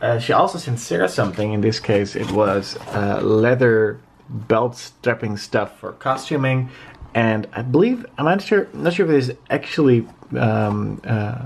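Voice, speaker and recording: A man's voice: medium pitch, lively intonation, unhurried, gravelly. A man who speaks Dutch as his first language, chatting casually to camera in a rambling vlog with many fillers, recorded on a handheld camera mic. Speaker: vlogger. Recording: light background noise.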